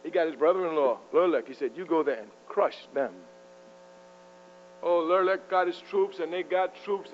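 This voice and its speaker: A man giving a fiery, provocative political lecture to a live audience. He is emphatic and keeps chuckling at his own jabs. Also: fairly high pitch. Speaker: political speaker. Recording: muffled lo-fi with faint mains hum.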